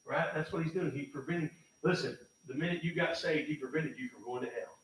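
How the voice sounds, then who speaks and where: A man preaching a sermon in a church, folksy and emphatic, swinging from loud bursts to low, quiet lines. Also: fairly quick. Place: church sanctuary. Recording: echoey church from far off, faint noise.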